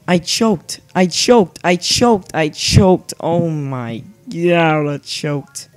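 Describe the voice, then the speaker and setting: A young man commenting on his own video game play, nervous and self-mocking, breaking into shouts. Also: fairly high pitch, lively intonation, drawn-out words, few pauses, no echo, faint music behind. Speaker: gaming channel host. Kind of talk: excited let's play commentary.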